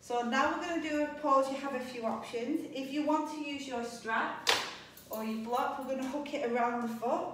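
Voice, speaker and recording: A young adult woman teaching a yoga class, calmly cueing breaths and poses, a little out of breath. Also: high voice, normal speed, noisy background. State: slightly out of breath. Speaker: yoga instructor. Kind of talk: guided yoga class instruction. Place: yoga studio. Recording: echoey room, voice a bit distant.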